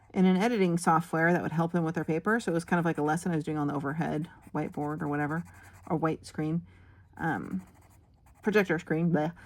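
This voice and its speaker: A woman hosting a coloring video, telling a long, animated story full of fillers and acted-out quotes. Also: on the low side. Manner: drops to a whisper for asides while working. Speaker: coloring channel host. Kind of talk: chatty storytelling while coloring.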